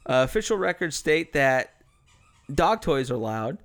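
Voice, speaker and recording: Smooth-voiced young American man chatting. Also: a little high, big pitch swings, measured pace, fairly bright tone. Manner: rambling, profane, hesitant with many fillers. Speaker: podcast co-host. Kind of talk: casual chat.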